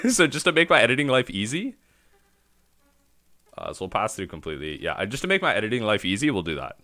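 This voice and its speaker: A man with a low voice that swings up and down with a bright, forceful edge, commentating his own game on a live stream. He rambles through his thinking out loud and restarts his sentences as he works out each play. The sound is dry and close, with no room around it. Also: sing-song, quick pace, long pauses, dry recording. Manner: thinks aloud, rambling self-talk with restarts. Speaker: streamer playing a card game.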